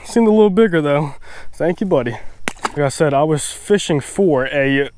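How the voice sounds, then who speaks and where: Excitable young man fishing outdoors. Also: fairly high pitch, normal speed, a little hiss or hum. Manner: excitable, exclaims and repeats himself, says "y'all". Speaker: fishing vlogger. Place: outdoors at a shallow pond bank.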